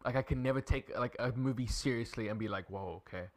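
A man's voice: medium pitch, steady tone, quick pace. A man from South Africa in crude, joking casual chat, laughing as he talks.

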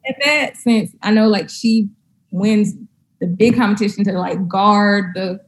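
A woman's voice: medium pitch, measured pace, roomy sound, slight background noise, rough recording. A woman in a casual movie review chat, chatty and curious with her questions.

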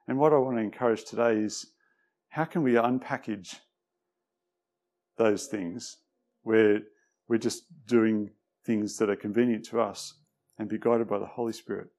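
A man giving a conversational sermon with many pauses and fillers, sometimes dropping quiet. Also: medium pitch. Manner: relaxed, hesitant, many fillers; tends to drop quiet. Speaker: preacher. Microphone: microphone.

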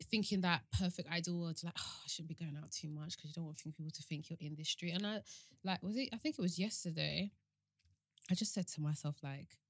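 A woman's voice: deep voice, no room sound, clean studio sound. A woman nearly thirty, speaking candidly and a bit rambling in a casual heart-to-heart chat. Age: 30s.

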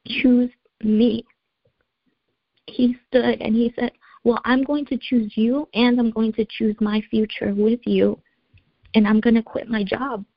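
A young woman telling a personal story as an interview guest, earnest and halting, with many fillers. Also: a little high, creaky, dry recording. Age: young adult. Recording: dull lo-fi sound.

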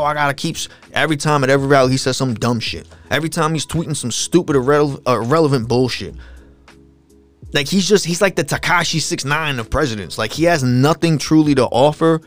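Profane, animated man ranting on a podcast. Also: a little high. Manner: profane, animated, mocking impressions. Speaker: podcast host. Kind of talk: casual solo podcast rant.

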